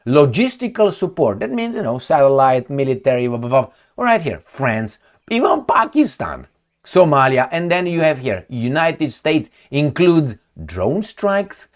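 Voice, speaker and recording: A man with a non-native accent hosting an opinionated commentary vlog, firing rhetorical questions at the viewer in a ranting way. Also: medium pitch. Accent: non-native accent of English. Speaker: political commentary host.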